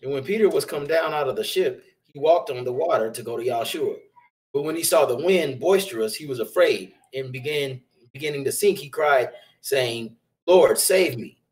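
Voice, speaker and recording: A man's voice: mid-range voice, moderate pace, poor audio. Man steadily reading old scripture aloud. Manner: steady, plain reading of archaic verses. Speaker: scripture reader.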